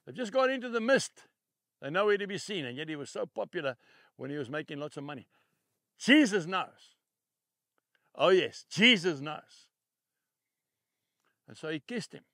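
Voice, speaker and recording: An older man preaching with a high, lively voice that rises and falls. He is emphatic and repeats key phrases, dropping soft and then swelling loud. The sound is close and dry. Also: gravelly, no echo. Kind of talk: televised sermon.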